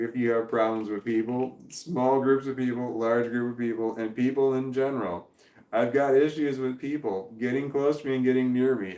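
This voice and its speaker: Rambling man with a roomy echo. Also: mid-range voice. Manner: rambling, reads viewer comments aloud and chuckles. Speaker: livestream host. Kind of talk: casual livestream chat.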